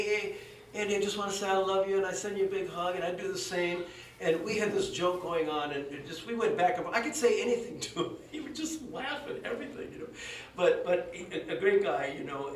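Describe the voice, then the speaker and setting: At a memorial in a dojo hall, a high-pitched man with a fairly bright tone gives an anecdotal eulogy, chuckling through his stories and acting out quotes. The recording is distant and echoey, with faint hiss.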